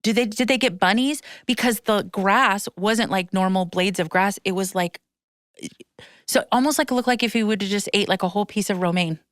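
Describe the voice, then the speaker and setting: A woman hosting a podcast, telling a story to a friend in an animated rush, with frequent restarts and casual swearing. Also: medium pitch, moderate pace, dry recording, clean studio sound. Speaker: podcast host. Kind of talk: casual chat.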